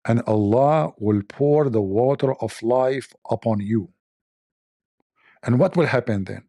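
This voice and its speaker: A man's voice: mid-range voice, a little slow, dark tone, no room sound, studio quality. A man hosting a mocking commentary on religion, sarcastic, repeating his phrases and laughing at his own jokes. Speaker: show host.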